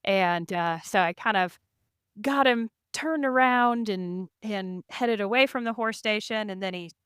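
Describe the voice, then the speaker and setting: On a podcast, an endurance race rider tells casual interview stories about her rides, laughing often and peppering her talk with "like" and "you know." She speaks a little slowly in a medium-pitched voice that's clean and slightly bright. The studio sound is clean and dry.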